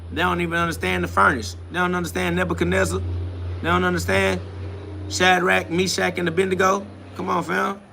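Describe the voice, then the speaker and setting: A man hosts a livestream and preaches back at chat comments. His voice is gravelly and bright, set a little high for a man. He is defiant and repetitive and laughs often. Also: flat delivery, brisk, slight background noise. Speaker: livestream host. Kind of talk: live self-talk stream, reading and answering chat.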